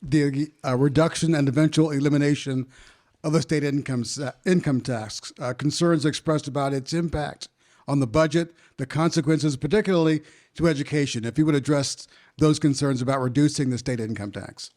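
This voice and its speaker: A man's voice: on the high side, fairly even intonation, normal speed, a little mellow. A male moderator reading out audience questions to a panel.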